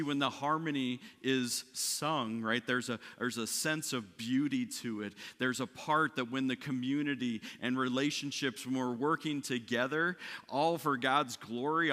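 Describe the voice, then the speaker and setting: Bright-voiced pastor preaching in a hall. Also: male voice, mid-range voice. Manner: conversational preaching with frequent "right?" and restarts. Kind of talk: sermon. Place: church sanctuary.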